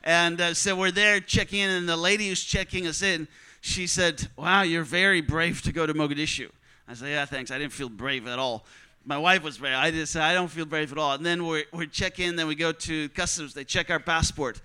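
A man telling a personal travel story in an animated, joking way, acting out the lines of the people he met. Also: fairly high pitch, brisk, clear, resonant tone. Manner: animated, joking, acts out dialogue.

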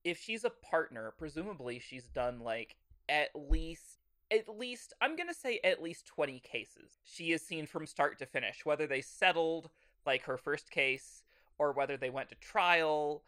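A young adult woman co-hosting a comedic podcast, ranting in an animated, incredulous way. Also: low voice, measured pace. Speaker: podcast co-host. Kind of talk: comedic book-reading podcast.

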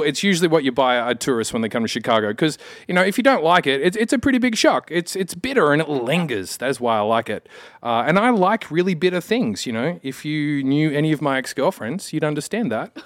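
An Australian man guesting on a podcast, his voice sitting a touch higher than most men's. He rambles through stories with plenty of self-mocking asides, recorded dry and close with no room echo. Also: lively intonation, brisk, fairly bright tone. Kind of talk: casual chat.

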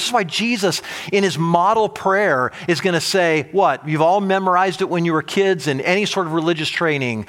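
Eager higher-voiced male preacher. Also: moderate pace, few pauses. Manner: animated, asks the audience rhetorical questions; frequent restarts and repeated words. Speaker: pastor. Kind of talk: sermon.

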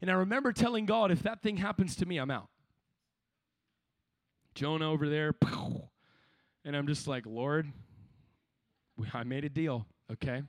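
A young man with a high, bright-pitched voice preaches at a youth camp. He swings from hushed storytelling to fervent, shouted exhortation. The sound is close and dry, with no room around it. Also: normal speed, long pauses, no echo. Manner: passionate, builds to shouting. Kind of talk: sermon.

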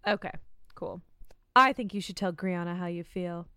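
A woman playing a tabletop game, chatty and animated, trailing into fillers as she plans moves. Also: lowish voice, moderate pace, clear, resonant tone, no room sound, studio quality. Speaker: player. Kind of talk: casual tabletop game play.

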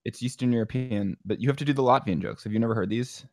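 Chill podcast cohost, quick yeahs and jokey asides, dead dry sound. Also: mid-range voice, darkish tone, dry recording. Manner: short agreeing replies, playful asides. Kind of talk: casual chat.

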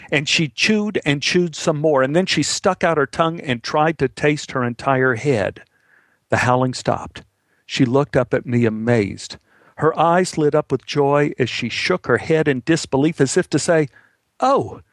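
A man telling a personal story as a monologue, with wry, dry humor and an unhurried manner. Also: medium pitch, dry recording.

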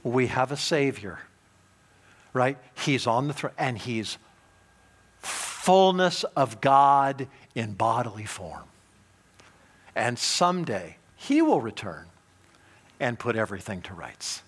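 A man preaching a sermon as pastor, emphatic, swinging between loud urgent points and hushed low ones. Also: big pitch swings, slow pace, long pauses. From United States.

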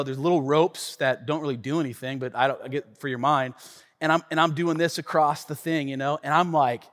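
A man preaching a sermon, telling a story in an animated, conversational way with frequent asides to the listeners. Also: on the high side. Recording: long reverb of a large hall.

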